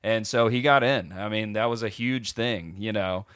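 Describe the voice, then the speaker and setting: A man's voice: lowish voice, moderate pace, a bit bright, smooth, dry recording, studio quality. Casual profane man telling a story. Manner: loose, profane, storytelling, laughs often. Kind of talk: casual chat.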